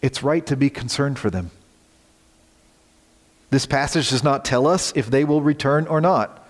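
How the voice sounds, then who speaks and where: A man preaching a sermon as pastor, earnest, swinging from loud emphasis to hushed near-whispers. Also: mid-range voice, unhurried, long reverb tail.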